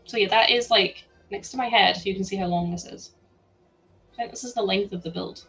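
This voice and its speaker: A woman's voice: medium pitch, fairly quick, a bit bright, lo-fi sound, soft background music. A young woman with a sore throat, chatting casually and giggling on a livestream while she builds, talking into a headset at home. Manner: chatty, giggly, reacts to chat aloud. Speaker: livestream host.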